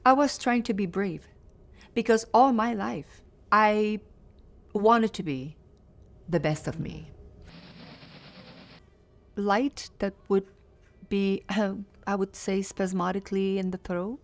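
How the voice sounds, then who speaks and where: A woman in her fifties, a native French speaker, talks slowly at a medium pitch with long pauses. She's a singer answering questions in a sit-down interview, earnest and reflective, and she repeats phrases for emphasis.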